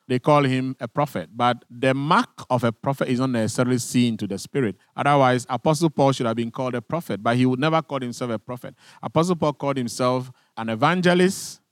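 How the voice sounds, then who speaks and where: Male preacher, mid-pitched voice, dry close sound, steady teaching delivery that asks the congregation questions. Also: no echo. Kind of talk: teaching sermon. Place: church.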